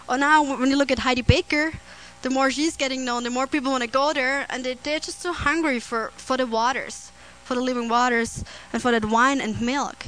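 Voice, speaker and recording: A woman preaching a sermon on scripture, earnest and prone to restarts and soft laughter. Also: high voice, a little hiss or hum, poor audio.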